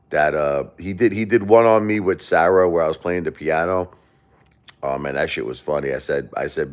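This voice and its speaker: A middle-aged man hosting a livestream, rambling casually and profanely while joking with his chat. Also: deep voice. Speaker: livestream host.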